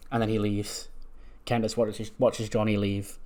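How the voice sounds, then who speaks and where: A man's voice: on the low side, flat delivery, a little slow, a little mellow. A man casually retelling a wrestling sim game's storyline, with many fillers. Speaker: game streamer.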